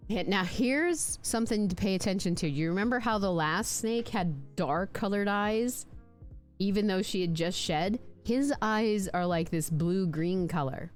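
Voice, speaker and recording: A woman's voice: medium pitch, measured pace, faint music behind. A woman on a casual live stream, chatting playfully about her pet snakes and now and then putting on silly voices for them. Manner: chatty, playful, talks with lots of likes and restarts.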